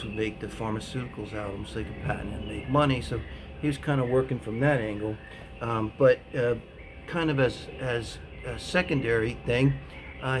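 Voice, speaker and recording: Male author, casual storyteller, hesitant and rambling, average pitch. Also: noisy background. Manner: rambling and hesitant, full of fillers. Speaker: author telling his own story.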